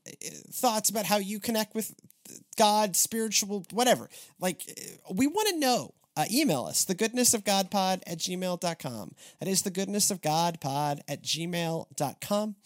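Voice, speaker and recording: A man hosting a church podcast in casual chat, rambling with restarts and animated asides. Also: sits high, unhurried. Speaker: podcast host.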